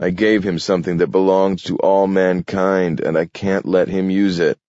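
A man playing a determined grown man who speaks briskly and insistently. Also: sits low, little pitch movement, a little mellow, no room sound, dull audio, lightly acted. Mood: earnest.

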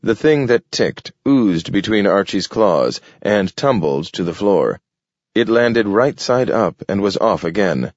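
Male audiobook narrator, low voice, unhurried and measured, dry and slightly dull sound. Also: very animated, no echo.

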